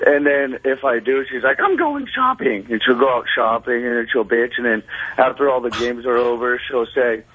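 A young male caller in his twenties, heard over a thin, tinny phone line. His voice is husky and mid-pitched, and he rambles on with frequent laughs. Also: level tone, fairly quick. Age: 20s. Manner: rambling, complaining, laughs often. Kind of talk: phone-in chat. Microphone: telephone.

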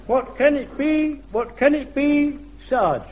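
An eager army corporal in an old radio comedy, barking orders at the men. His voice is very high. The old recording sounds thin and tinny, like a phone line. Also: slow pace, darkish tone. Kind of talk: radio sitcom acting.

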